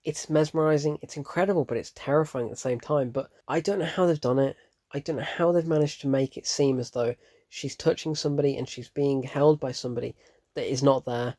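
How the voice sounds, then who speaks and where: Casual male film reviewer, animated and openly spooked, stops and restarts his thoughts, mid pitch. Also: a little fast.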